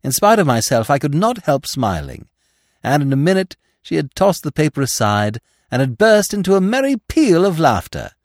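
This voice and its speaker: A man, the host of a podcast, reading a classic novel aloud in expressive scripted narration. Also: on the high side, normal speed, no echo, clean studio sound. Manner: expressive storytelling.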